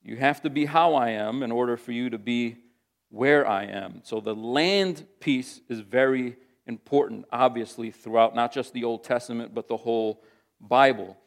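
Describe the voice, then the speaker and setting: A pastor teaching a sermon through a Bible passage in a conversational, thoughtful way, with frequent fillers and restarts. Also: male voice, mid-range voice, normal speed.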